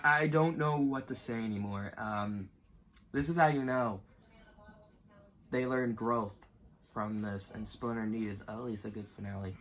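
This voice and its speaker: The speaker is a man in his twenties whose voice is mid-range and slightly bright. Ranking cartoon moments in a laid-back vlog, this YouTuber rambles, grows emotional, and sometimes struggles not to cry.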